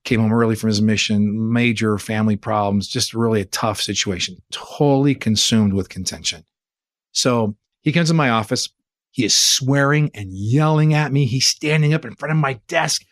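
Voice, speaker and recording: A man's voice: medium pitch, moderate pace, no echo. Earnest man telling a story, dry sound. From Bay Area, California. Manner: earnest, animated, poses rhetorical questions. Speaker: interview guest, church leader. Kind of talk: conversational storytelling.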